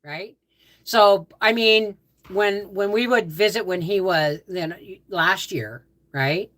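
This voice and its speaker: A woman's voice: mid-range voice, slow, a bit bright. An older woman, hosting a livestream and chatting in a rambling, easygoing way as she answers viewer comments. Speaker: livestream host. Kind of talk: casual livestream chat.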